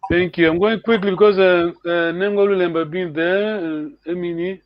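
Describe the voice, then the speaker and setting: A man's voice: high-pitched, fairly even intonation, moderate pace, no echo, muffled recording. A man teaching a live online language lesson, encouraging learners and repeating words for them to copy.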